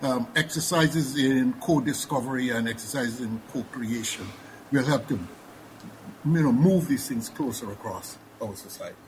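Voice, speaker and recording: A man's voice: mid-range voice, moderate pace, a little mellow, a little hiss or hum, poor audio. A man with a Guyanese accent speaking as a panelist, thoughtful and full of fillers and restarts. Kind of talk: panel discussion.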